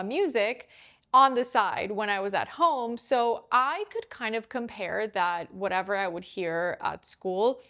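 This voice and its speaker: A young woman coaches English pronunciation to camera in a casual, chatty way, often checking in with the viewer using "right?" and "you know." Her voice is medium-pitched with a fairly bright tone.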